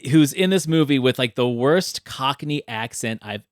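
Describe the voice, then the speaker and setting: A man's voice: medium pitch, moderate pace, no room sound. Laughing podcast host man, dry sound. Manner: laughs often, animated, many fillers. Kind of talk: casual film discussion.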